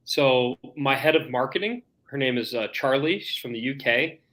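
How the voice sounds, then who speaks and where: A man's voice: medium pitch, moderate pace, fairly bright tone. A man co-hosting a podcast, telling stories in a jokey, casual way. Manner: jokey, storytelling. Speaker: podcast co-host. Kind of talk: casual chat.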